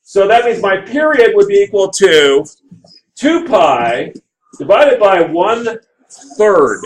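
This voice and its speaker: A man's voice: high voice, takes it slowly, a little hiss or hum, low-quality recording. A man teaching a math class, working through graphs aloud and checking in with students. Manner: animated, asks the class for checks. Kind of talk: classroom lecture.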